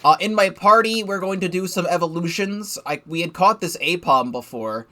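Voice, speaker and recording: A man's voice: high-pitched, moderate pace, bright, forceful tone. A young man giving casual, rambling game commentary from his desk, swearing freely and laughing at himself. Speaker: let's play gamer.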